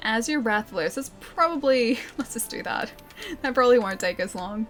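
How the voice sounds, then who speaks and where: A young woman with an Australian accent talks through her game stream in a loose, chatty way, answering viewers and laughing often. Her voice sits slightly high, and a faint music track plays quietly behind her. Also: expressive, moderate pace. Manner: chatty, giggly, reads chat aloud and answers. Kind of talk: casual live-stream gameplay chat.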